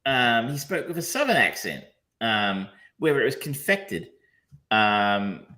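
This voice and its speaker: A man's voice: medium pitch, very animated, measured pace, bright, forceful tone. A man co-hosting a podcast, talking casually and rambling, with frequent ums, restarts and casual swearing. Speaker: podcast co-host reviewing films. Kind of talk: casual chat.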